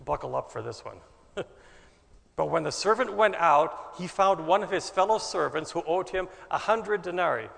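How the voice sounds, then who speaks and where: A man preaching a sermon with a dramatic delivery, swinging from loud bursts to soft asides. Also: fairly high pitch, expressive, normal speed, gravelly, long reverb tail.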